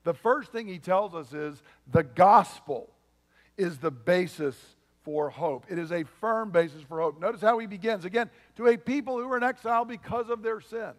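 High-voiced man preaching in a reverberant hall. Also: moderate pace. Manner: earnest, emphatic preaching with frequent asides. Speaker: pastor. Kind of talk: sermon.

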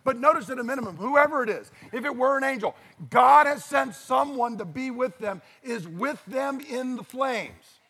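Animated, higher-voiced preacher. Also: male voice, moderate pace, hardly any pauses, slightly rough, long reverb tail. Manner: animated storyteller, acts out quoted voices. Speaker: pastor. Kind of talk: sermon.

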